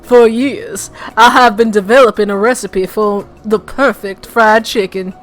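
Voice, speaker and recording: A woman voicing an old Southern gentleman colonel with a put-on American Southern accent, speaking in a slow, earnest, grand way in a game playthrough. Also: mid-range voice, fairly even intonation, soft background music, natural voice. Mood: proud.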